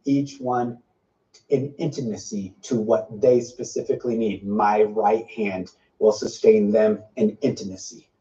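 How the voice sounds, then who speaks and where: A man's voice: lowish voice, steady tone, a little slow, mellow. A man giving informal prophetic teaching, emphatic and piling up repeated phrases. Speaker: preacher sharing a prophetic word. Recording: dull, slightly distant lo-fi sound.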